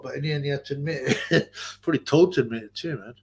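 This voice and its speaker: A man's voice: medium pitch, fast talker. A middle-aged man hosting a boxing livestream, rambling and swearing through loose, casual stories. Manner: rambling, profane, loose storytelling.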